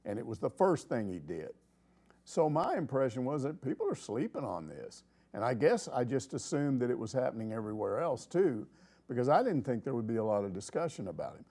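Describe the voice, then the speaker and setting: A man's voice: mid-range voice, very animated, fairly quick, warm tone, husky. A middle-aged man hosting a casual sports talk show, rambling and opinionated. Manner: rambling, opinionated, acts out quoted people.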